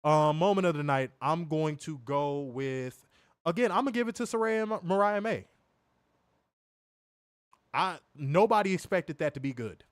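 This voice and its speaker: A man's voice: fairly high pitch, expressive, normal speed, pauses often, smooth, no room sound, studio quality. A man co-hosting a casual online show, talking bluntly with frequent swearing and reading viewer comments aloud. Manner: blunt, profane, reads chat comments aloud. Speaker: co-host of a wrestling review show. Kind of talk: casual chat.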